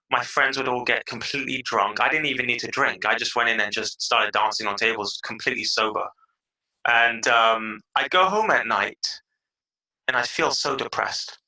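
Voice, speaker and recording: Energetic British male guest, bright voice, mid pitch, chatty and animated. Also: low-quality recording. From England (London). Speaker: podcast guest. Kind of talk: casual interview chat.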